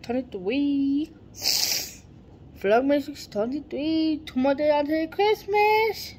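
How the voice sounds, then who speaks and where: Slow-talking animated woman vlogger. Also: high-pitched, slight background noise. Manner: animated, exclaiming, drawn-out words. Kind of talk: casual daily vlog chat.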